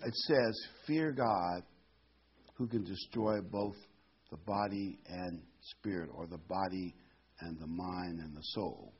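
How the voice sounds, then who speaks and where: A man's voice: sits low, takes it slowly, slightly rough, highs cut off. A man giving informal Bible teaching as a preacher, folksy, with corny jokes and frequent ums.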